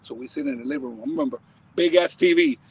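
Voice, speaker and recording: A man from the Dominican Republic, appearing as a podcast guest, tells his life story in lively, animated fashion and acts out the voices of the people in it. His voice is mid-range and husky, and he talks fast.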